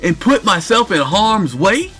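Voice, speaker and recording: Man, high voice, wildly swinging pitch, cursing, exasperated game rant. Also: a little slow, loud music behind the voice. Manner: animated, incredulous, cursing. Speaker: streamer. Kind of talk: ranting game commentary.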